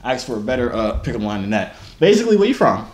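A man's voice: medium pitch, sing-song, fast talker, a little mellow, reverberant. Boastful, joking young man. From New Jersey. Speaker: YouTuber. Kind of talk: casual vlog and video-chat banter. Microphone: phone.

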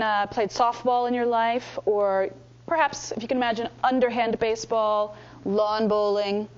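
A high-pitched woman runs a lively speaking workshop, calling out instructions and acting out exercises for the group. Her voice comes through a slightly dull, lo-fi recording of the room. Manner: energetic, coaching, demonstrates with exaggerated voices.

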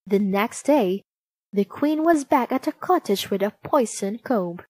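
A woman narrating a storybook aloud, slow, clear and expressive. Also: medium pitch, no echo.

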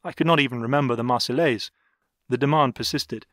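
A man reading an audiobook in a measured, even way. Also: medium pitch, dry recording, clean studio sound. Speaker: audiobook narrator. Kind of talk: audiobook narration.

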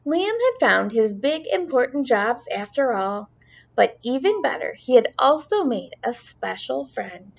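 Expressive woman reading a children's story. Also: high voice, measured pace, vocal fry, slight background noise. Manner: expressive, sing-song. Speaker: teacher reading aloud. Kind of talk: children's storybook read-aloud. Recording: dull lo-fi recording.

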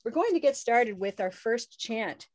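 A woman's voice: fairly high pitch, lively intonation, measured pace, darkish tone. A woman teaching English pronunciation in a live online class, upbeat and leading call-and-response chants over a video call.

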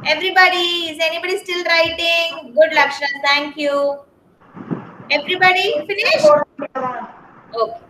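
Patient high-voiced Indian English teacher. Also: female voice, echoey room, noisy background. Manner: slow, patient, spells words letter by letter. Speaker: kindergarten teacher. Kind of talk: online class instruction. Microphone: video call.

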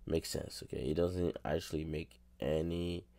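A man with a deep, gravelly voice talks through a crypto token in loose solo commentary. He rambles, repeats phrases and drops slang as he works through the numbers. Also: fairly even intonation, moderate pace, mellow. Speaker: crypto reviewer.

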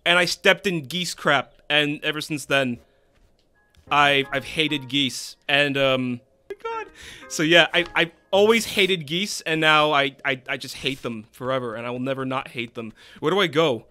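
A man with a high, bright voice that stays sharp even when he mutters. He does excitable, unscripted game commentary, yelling and swearing at the characters, then wanders into rambling anecdotes full of restarts. Faint music plays behind him. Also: normal speed. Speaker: game streamer. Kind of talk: casual gameplay commentary.

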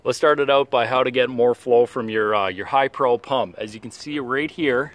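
Brief: man, nasal from a cold, casual outdoor how-to vlog, halting and practical, plenty of "uh"s, mid-pitched. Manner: halting, many "uh" fillers, practical and matter-of-fact. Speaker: turf care professional vlogger. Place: outdoors in a yard and at the pump.

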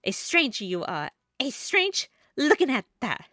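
A pompous game villain who talks in reversed word order, voiced by a woman reading aloud. The voice sits high and swoops a lot. It sounds bright and close to the mic. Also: big pitch swings, measured pace, dry recording, full character voice. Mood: smug. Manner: inverted word order like a sage. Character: pompous archer villain with backwards speech.

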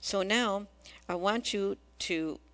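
A woman's voice: mid-range voice, slow pace, fairly bright tone. A woman preaching a sermon in a church, asking the congregation questions and acting out quotes.

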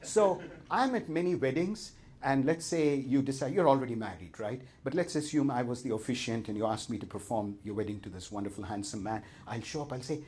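With slight background noise, a middle-aged man with an Indian accent runs a live seminar in a darkish, medium-pitched voice, talking a little fast with hardly any pauses. He's playful and self-mocking, speaking directly to the crowd.

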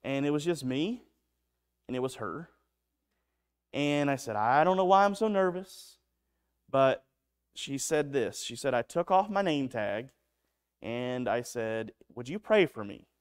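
A man's voice: mid-range voice, animated, unhurried, long pauses, smooth. A man preaching a sermon in a church, telling stories in an earnest way with frequent restarts. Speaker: pastor. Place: church sanctuary.

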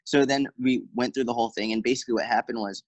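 This man's mid-range voice comes through on a dry, lo-fi recording. He's a fitness coach in a casual interview, speaking quickly and telling lively stories with lots of fillers and quoted lines.

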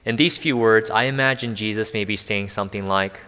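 A man's voice: fairly low pitch, a little fast, hardly any pauses, sharp tone, smooth, in a large hall. A man preaching a sermon as a pastor, earnest and asking rhetorical questions.

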